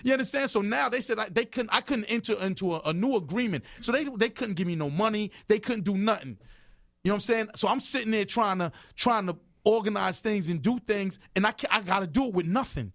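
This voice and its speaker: High-voiced emphatic man telling stories. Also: animated, fairly quick, no echo, studio quality. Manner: emphatic, storytelling, repeats phrases for emphasis. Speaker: interview guest, record executive. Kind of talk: animated radio interview talk. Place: radio studio. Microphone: studio microphone.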